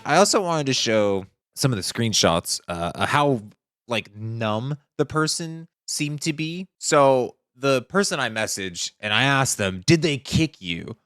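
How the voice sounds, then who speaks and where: A man's voice: mid-range voice, lively intonation, a little slow, a bit bright, no echo, studio quality. A man streamer talking casually to his audience, earnest and indignant, often repeating his points. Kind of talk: casual commentary to camera.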